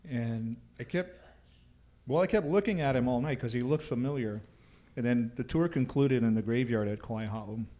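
A man, a ghost tour guide telling stories in a relaxed way with dry humor and plenty of fillers. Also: mid-range voice, moderate pace. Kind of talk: casual storytelling chat.

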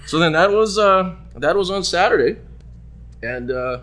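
A man hosting a show, telling a long anecdote in casual chat and acting out the people in it. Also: measured pace. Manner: animated, acts out quoted voices with big jumps in pitch. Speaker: radio show host.

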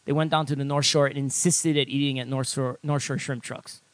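A man's voice: mid-range voice, little pitch movement, brisk, no echo. A man from Hawaii, co-hosting and reading news items in casual banter. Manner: reads items then asks questions.

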